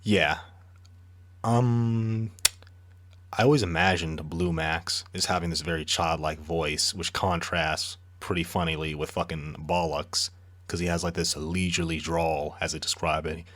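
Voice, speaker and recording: Low-pitched male podcast co-host, relaxed and profane, recaps plot conversationally. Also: measured pace. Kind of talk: casual book discussion chat.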